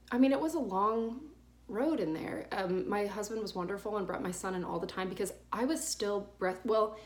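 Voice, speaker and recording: Rambling woman telling a personal story. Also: fairly low pitch. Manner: rambling, many fillers and restarts. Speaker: vlogger. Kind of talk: casual storytime monologue.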